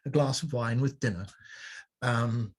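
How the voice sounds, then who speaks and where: A man's voice: medium pitch, unhurried, slightly rough. An older man from Liverpool with a Liverpool accent, co-hosting a casual chat and rambling playfully between tangents. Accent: Liverpool English. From Liverpool, England. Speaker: co-host.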